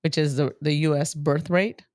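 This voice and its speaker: A woman's voice: low voice, steady tone, normal speed, darkish tone, no room sound, studio quality. Teasing woman podcast co-host. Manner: teasing, laughs often. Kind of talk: casual chat.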